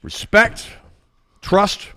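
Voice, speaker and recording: An older man co-hosting a health talk show, telling stories in a casual, animated way and acting out the people he quotes. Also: drawn-out words. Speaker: co-host. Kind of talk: casual storytelling chat.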